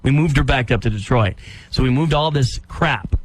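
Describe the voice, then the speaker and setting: A man's voice: medium pitch, moderate pace, dry recording, rough recording. A man working as a morning radio DJ, telling a rambling, filler-heavy story on air.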